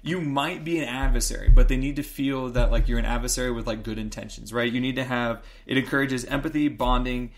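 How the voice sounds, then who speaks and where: A man's voice: medium pitch, steady tone, brisk, hardly any pauses. Joking man full of likes and rights. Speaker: podcast co-host. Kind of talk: casual podcast chat.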